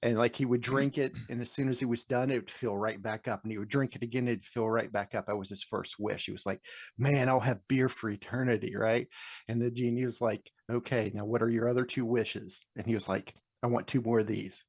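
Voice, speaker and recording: A man co-hosting a podcast, retelling a joke in a halting, laid-back way. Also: mid-range voice, fairly even intonation, no room sound, studio quality. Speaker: podcast co-host. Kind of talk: casual chat.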